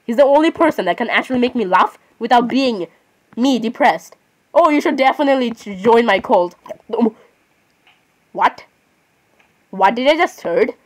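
A woman's voice: a little high, lively intonation, normal speed, pauses often. A woman giving casual gameplay commentary, chatting on and arguing with herself, often breaking off to apologize. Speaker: gaming channel host.

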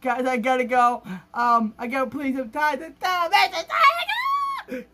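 Talking at a moderate pace in a very high-pitched voice, a male gaming YouTuber gushes in an overexcited vlog, rambling and restarting sentences. Heavy background noise sits under the recording.

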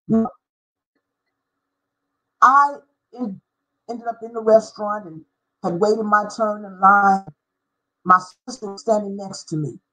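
A middle-aged woman, a former schoolteacher, telling a personal faith story with deep feeling and spelling out words for emphasis. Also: measured pace, pauses often, bright, forceful tone, low-quality recording. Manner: emotional, spells out words, sings briefly. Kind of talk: personal testimony.

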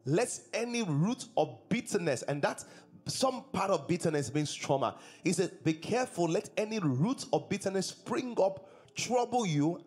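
A man's voice: fairly high pitch, slightly rough. A man preaching a sermon as pastor, repeating his points and asking the congregation questions. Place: church service.

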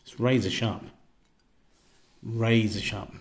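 A man casually reviewing a knife outdoors, relaxed and rambling, often repeating himself and trailing off into a quiet murmur. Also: on the low side, slow, slight background noise. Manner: relaxed, repeats himself, stumbles over words. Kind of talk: casual product review vlog.

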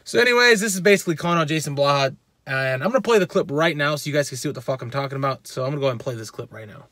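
A man's voice: fairly high pitch, racing, fairly bright tone, dry recording. A male fitness channel host ranting in a vlog, heated and profane, repeating his points.

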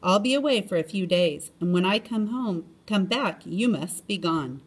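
Woman reading as a firm, flat-voiced mother cat. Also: mid-range voice, moderate pace, husky. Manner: flat, firm and matter-of-fact. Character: stern mother cat sending her grown kittens away. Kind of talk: storybook reading.

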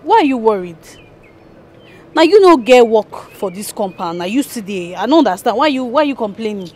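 A woman's voice: fairly high pitch, big pitch swings, normal speed. A woman with a Nigerian accent playing a tenant who talks in a soothing, reassuring way. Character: young woman tenant calming a lover.

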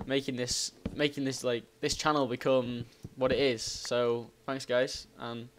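A man hosting a gaming channel, giving rambling, excitable let's play commentary and exclaiming at the game. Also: medium pitch, measured pace, a little hiss or hum.

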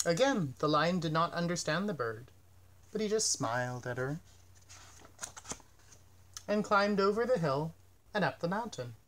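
A man reading a children's picture book aloud in a gentle, expressive storytelling manner. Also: on the high side, unhurried, long pauses.

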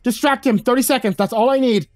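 A man voicing a bold, resourceful young woman painter in a horror story reading, his pitch climbing sharply when she gets urgent. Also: fairly quick, darkish tone, dry recording, studio quality, natural voice.

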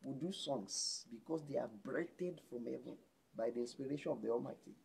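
A man with a Nigerian accent preaching a sermon as pastor, jumping between loud exclamations and hushed lines. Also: medium pitch, moderate pace, vocal fry.

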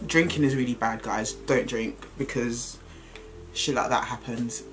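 A woman's voice: extremely low pitch, a little slow, over loud music. A woman in her twenties with an Essex accent, chatting casually to camera in a confessional vlog, laughing often. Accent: Essex English. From Essex, England. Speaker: vlogger.

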